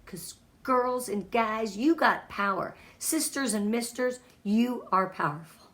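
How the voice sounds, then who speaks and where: A woman's voice: on the high side, slow pace, a bit bright. Earnest, emotional woman giving a pep talk. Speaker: guest speaker, team trainer. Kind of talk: motivational team training talk.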